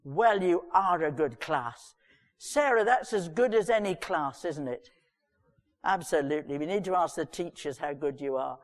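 A woman giving a sermon, reading scripture and retelling it with lively, chatty asides. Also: low voice, moderate pace. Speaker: preacher. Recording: long reverb of a large hall.

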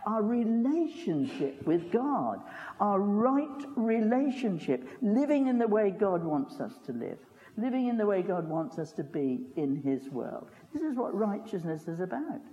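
A man's voice: high-pitched, warm tone, highs cut off. An older man preaching a sermon in a folksy, chatty way, full of asides and rhetorical questions. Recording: long reverb of a hall.

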